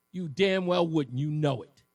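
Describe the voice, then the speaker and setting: Fired-up, high-voiced radio host, man. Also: darkish tone, no echo. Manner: emphatic, repetitive, mocking. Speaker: radio talk show host. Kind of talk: fired-up talk radio monologue.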